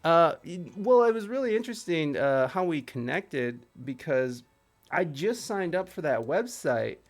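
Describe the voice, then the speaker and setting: A man's voice: a little high, very animated, measured pace. A man hosting a music podcast interview, chatting in a rambling, self-deprecating way and laughing often. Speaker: podcast host. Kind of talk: casual interview chat. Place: home studio streaming with a live chat.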